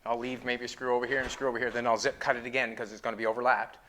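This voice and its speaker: A man's voice: medium pitch, little pitch movement, rapid-fire, sharp tone, a little hiss or hum. A Canadian man hosting a car-building show, chatting and explaining each step of his metalwork as he goes. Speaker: metal fabricator and show host. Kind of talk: hands-on build commentary. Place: car workshop.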